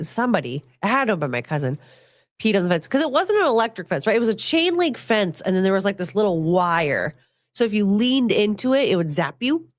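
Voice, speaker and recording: A woman hosting a podcast, telling crude childhood stories in a joking way and reading chat comments. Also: no room sound. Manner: chatty, crude and joking, swings pitch a lot in quoted voices. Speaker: podcast host.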